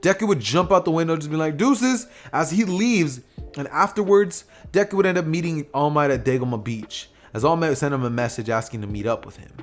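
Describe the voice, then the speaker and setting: A man's voice: on the high side, fast, few pauses. Rambling young man narrating a story. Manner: rambling, filler-heavy retelling. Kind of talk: casual what-if story narration.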